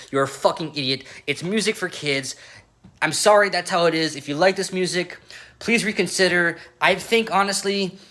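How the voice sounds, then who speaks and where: A music reviewer ranting sarcastically through an album review vlog, swearing often and bursting into loud outbursts, recorded in an apartment. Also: medium pitch. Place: apartment room.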